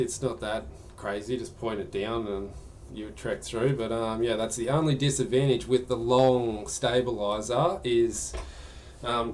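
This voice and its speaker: Man, casual rambling chat, mid pitch, faint background hiss. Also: a little mellow. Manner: chatty, rambling, reads questions aloud. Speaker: gaming streamer answering viewer questions.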